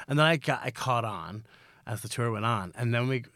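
A man's voice: medium pitch, expressive, a little fast, a bit bright, no room sound, clean studio sound. A man, a drag performer, chatting playfully as a podcast guest and laughing often. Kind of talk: casual interview chat.

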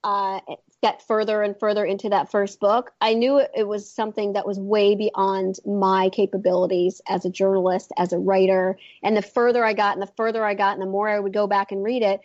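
A woman's voice: mid-range voice, level tone, fairly quick, a little mellow, dry recording, lo-fi sound. A woman in her forties, an author and intuitive, chatting as an interview guest and rambling through her story with many fillers and restarts.

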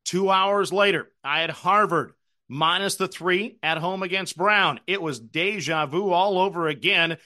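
A man's voice: high voice, unhurried, bright, forceful tone. A middle-aged man hosting a sports betting show, telling chatty, self-deprecating stories as he recaps losses and gives new picks.

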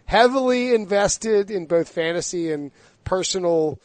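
Male sports host, chatty, slightly higher voice, dry close mic. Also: animated, measured pace, no echo. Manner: chatty, joking, lots of fillers. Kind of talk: casual sports debate.

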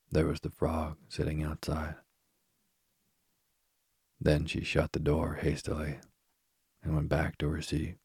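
A man narrating a bedtime story softly and soothingly, close to the mic. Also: a bass voice, husky, no room sound. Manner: slow, soft-spoken, soothing.

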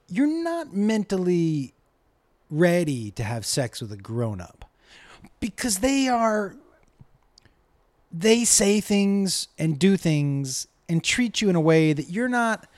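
Man with a fairly high voice, raunchy casual storyteller, no room sound. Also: takes it slowly, no echo. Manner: profane, animated, acts out quotes. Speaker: comedian storyteller.

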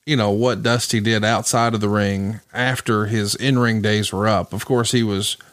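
A man's voice: lowish voice, fairly even intonation, normal speed, no room sound. A man hosting a casual podcast, chiming in briefly and steering the conversation. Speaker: podcast host.

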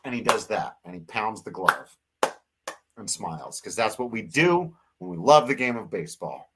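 A man's voice: lowish voice, expressive, normal speed, heavy background noise. A man co-hosting a casual sports podcast, talking earnestly and getting emotional, with frequent laughs. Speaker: podcast co-host.

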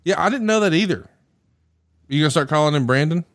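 A man from the American South co-hosting a podcast, ribbing his partner in loose, joking banter. His pitch sits mid-range but swings widely as he talks. The sound is close and dry, with no room echo. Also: animated, fast, a bit bright. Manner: teasing, joking. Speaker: podcast co-host. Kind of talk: casual chat.

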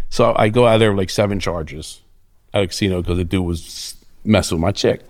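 A man's voice: sits low, normal speed. A middle-aged man, telling stories as an interview guest in a profane, cocky way. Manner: profane, cocky, animated storyteller. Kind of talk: casual storytelling.

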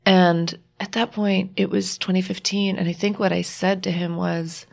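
A married woman, a guest author, telling a personal story in a reflective, halting way, often restarting and quoting what others said. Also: lowish voice, fairly even intonation, creaky. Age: adult, married with a child.

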